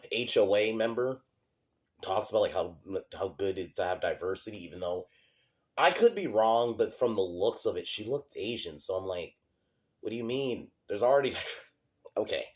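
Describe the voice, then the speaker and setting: A man's voice: on the low side, darkish tone. A young man giving a casual, sarcastic and profane movie review, full of fillers like "like" and "um". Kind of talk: casual ranting commentary.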